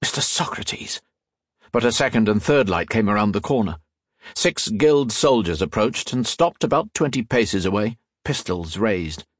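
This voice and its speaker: Male audiobook narrator, husky, lively, dramatic, dry booth sound. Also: fairly low pitch, moderate pace, no echo.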